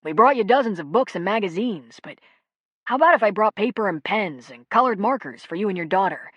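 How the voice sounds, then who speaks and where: A woman reading aloud, voicing a kindly male nurse who speaks politely and gently reassures. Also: mid-range voice, expressive, a little fast, no room sound, highs cut off, lightly acted. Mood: reassuring.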